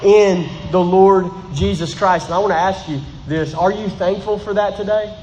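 High-pitched male pastor, emphatic sermon delivery, roomy echoing hall, faint room hum. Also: steady tone, moderate pace, hardly any pauses, darkish tone. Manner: emphatic preaching with repeated phrases and rising bursts. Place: large room with congregation.

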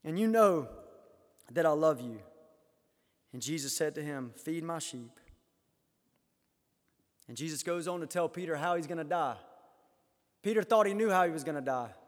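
High-voiced preacher in a reverberant hall. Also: male voice, moderate pace, long pauses. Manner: swells loud on quoted scripture, drops low on comments. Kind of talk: sermon.

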